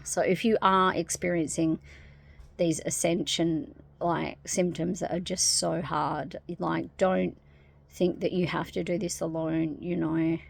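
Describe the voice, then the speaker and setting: Gravelly-voiced woman in a rambling spiritual vlog. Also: fairly low pitch, fairly even intonation, unhurried, no echo. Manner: rambling, soft, with many fillers. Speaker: spiritual vlogger. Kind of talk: casual spiritual talk to camera.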